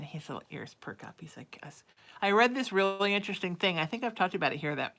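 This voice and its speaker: A woman hosts a live psychic reading show in a casual, rambling chat. Her voice sits on the low side but rings bright and forceful. She talks to viewers with affection, calling them sweetie. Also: animated, brisk. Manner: affectionate, calls listeners sweetie and baby.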